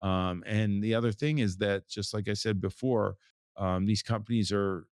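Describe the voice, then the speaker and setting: A man in his forties from the United States, speaking as an interview guest in a low voice. He talks in a loose, rambling way, circling back and restarting his sentences. The sound is dry and close to the mic. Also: steady tone, moderate pace, darkish tone, dry recording. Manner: rambling, with many restarts and fillers. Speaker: photographer, guest. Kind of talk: casual interview talk.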